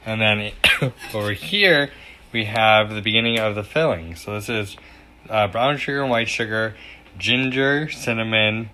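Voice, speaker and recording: A man's voice: on the low side, unhurried, bright, forceful tone, a little hiss or hum. A young man hosting a casual home cooking demonstration, chatty and self-deprecating, with loose fillers and asides as he works. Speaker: cooking show host. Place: home kitchen.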